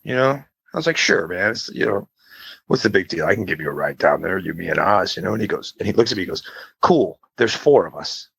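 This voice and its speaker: A podcast co-host with a low, gravelly, husky voice talks fast on a dry recording with no echo. In casual chat he tells a long, animated story, acting out the voices of the people in it and swearing.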